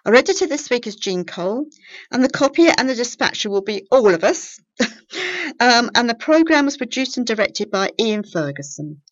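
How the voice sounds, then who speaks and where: A woman reading local news and closing the programme as its editor, in a clear, measured way. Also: fairly high pitch, big pitch swings, no room sound. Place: small local studio. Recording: dry, slightly dull studio recording.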